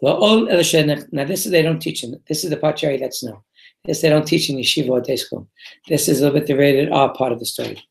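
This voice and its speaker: A rabbi teaches a Torah class before a live group, reading Hebrew text aloud, explaining it in English, and posing questions he then answers himself. His voice is a little high and gravelly, he speaks a little fast, and the room is reverberant.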